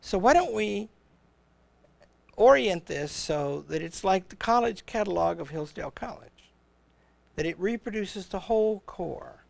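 A man's voice: high voice, expressive, measured pace, creaky, no room sound. An older man, a college president, chatting casually and telling stories, often acting out the voices in his anecdotes. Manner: rambling storyteller, chuckles, acts out quoted exchanges. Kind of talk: casual conversation on a livestream.

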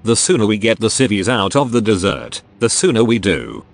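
Tts guy doing hurt but steady captain giving orders, low voice. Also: brisk. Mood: commanding. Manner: flat synthetic reading. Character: wounded male captain, steady commander.

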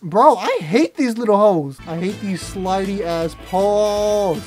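Young male gamer in his twenties, crude and joking, excitable outbursts, game music under. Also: high voice, takes it slowly. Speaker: gaming YouTuber. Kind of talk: let's-play commentary.

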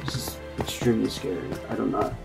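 A young adult in their twenties hosting a casual gameplay chat, excitable and quick to yelp when startled. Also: mid-range voice, vocal fry, over loud music. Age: 20s. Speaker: gaming channel host. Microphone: computer mic with clicking keys.

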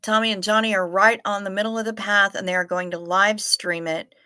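A woman's voice: medium pitch, flat delivery, pushed and bright, clean tone. A woman hosting a casual livestream, reading viewers' comments aloud and teasing them playfully, often laughing and trailing off mid-thought. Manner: trails off and restarts, unhurried. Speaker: livestream host.

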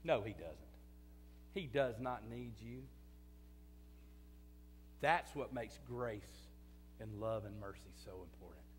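A man preaching a sermon as pastor, swinging between loud emphatic bursts and quiet confiding asides, repeating phrases for emphasis. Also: lowish voice, animated, slow, long pauses, faint music behind. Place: church sanctuary. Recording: church hall reverb.

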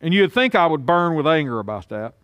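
A man preaching a sermon, moving from hushed and solemn to loud, urgent pleading. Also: fairly high pitch, sing-song, a little fast, dry recording, dull audio. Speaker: pastor.

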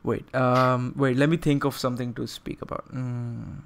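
A man hosts a livestream and banters casually with friends over voice chat, chatty and quick to laugh at himself. His voice sits at a middling pitch. The headset mic is held very close to his mouth. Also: flat delivery, creaky. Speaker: stream host.

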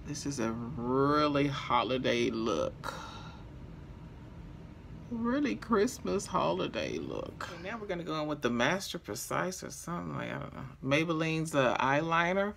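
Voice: mid-range voice, very animated, a little slow, gravelly, a bit bright, a little hiss or hum. A makeup vlogger chatting casually through a tutorial, playful and talkative, addressing viewers directly. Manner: chatty and playful, talks to viewers as y'all, chuckles.

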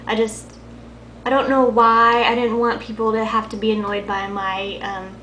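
A soft-spoken young woman from Texas with a light Texan accent and a high-pitched voice, chatting casually to her camera. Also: little pitch movement, normal speed, a little hiss or hum. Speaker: vlogger. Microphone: built-in camera mic. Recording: echoey room.

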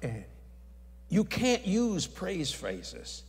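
A man preaching a sermon, telling his story in a folksy, animated way. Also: high voice, very slow. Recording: reverberant hall.

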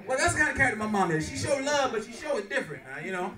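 A man doing a stand-up set with a brash, animated delivery, his voice high for a man and swinging widely. The sound is roomy and picked up from a little off the mic. A loud audience laughs behind him. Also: racing. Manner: loud, brash, animated storytelling with crowd work. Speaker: stand-up comedian. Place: comedy club stage. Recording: echoey club, mic far, audience loud.

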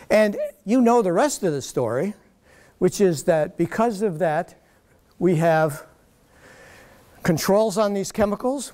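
Animated, higher-voiced man giving a lecture. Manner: animated storyteller, mocking quoted critics. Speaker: guest lecturer. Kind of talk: public lecture storytelling. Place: lecture hall.

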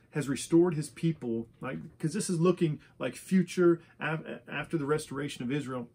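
A man leads a Bible study in a husky, mid-pitched voice. He reads scripture aloud and explains it, pausing often on "uh" and restarting his sentences. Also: darkish tone. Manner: frequent "uh" fillers, restarts, reads verses aloud. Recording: church service recording.

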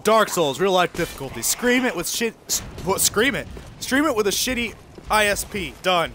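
A young man streaming gameplay commentary, frustrated and swearing, with sudden shouts. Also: high-pitched, sing-song, normal speed, background noise.

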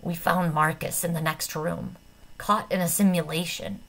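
A woman's voice: on the low side, fairly even intonation, normal speed, creaky. A woman reading an audiobook, voicing a stubborn, proud young man who speaks in a bitter, accusing way. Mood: flat.

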